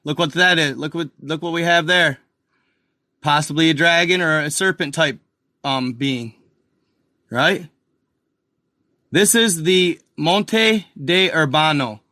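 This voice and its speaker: Man, excitable rambling host, bright forceful tone, dry close sound. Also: a little high, takes it slowly, pauses often, no room sound. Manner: excitable, rambling, addresses viewers as guys and y'all. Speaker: channel host. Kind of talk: casual live commentary over a map.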